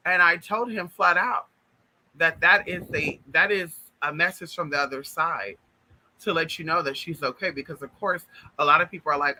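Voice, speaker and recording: A man telling spiritual stories in an animated, chatty way, talking straight to his listeners. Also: fairly high pitch, normal speed, rough recording. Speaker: spiritual vlogger. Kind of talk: casual spiritual storytelling.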